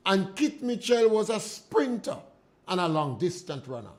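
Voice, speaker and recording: A man's voice: high voice, a little mellow. A man with a Grenadian accent hosting a call-in radio show, giving indignant and emphatic political commentary. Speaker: radio talk show host. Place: radio studio.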